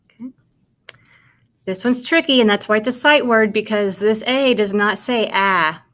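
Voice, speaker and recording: A woman's voice: mid-range voice, moderate pace, fairly bright tone. A woman teaching kindergarten sight words, sounding out and spelling each word for young children and praising them as she goes. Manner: encouraging, talks directly to the child watching. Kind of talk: slow, patient phonics lesson for young children.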